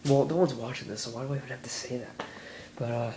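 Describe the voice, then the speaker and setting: An eighteen-year-old man vlogging casually, rambling excitedly and filling his talk with "like" and "you know.". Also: medium pitch, rapid-fire, noisy background.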